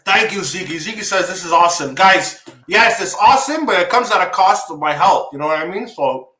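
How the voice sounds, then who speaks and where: A man's voice: sits high, lively intonation, a little fast, bright, forceful tone, reverberant. A man hosting a livestream show, teary from spicy food, exclaiming, swearing and groaning as he talks to viewers. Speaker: host.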